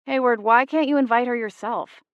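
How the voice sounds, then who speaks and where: A woman voicing an exasperated young woman florist who scolds in a firm, sharp-tongued way. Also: a little high, moderate pace, clear, resonant tone, dry recording, muffled recording, pitched above the performer's own voice, lightly acted.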